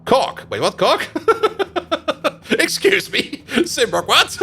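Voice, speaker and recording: A man's voice: very high voice, wildly swooping pitch, very slow, creaky, bright, forceful tone, a little hiss or hum. A man streaming a game live, chatting and thinking aloud as he plays and laughing often. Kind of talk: live stream commentary while playing.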